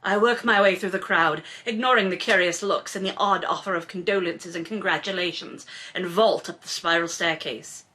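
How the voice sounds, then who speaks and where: A woman's voice: on the low side, fairly even intonation, normal speed, hardly any pauses, sharp tone. A woman in her forties reading a novel aloud and mocking it with sarcastic, exasperated asides. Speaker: host reading and commenting on a novel. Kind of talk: comedic book commentary.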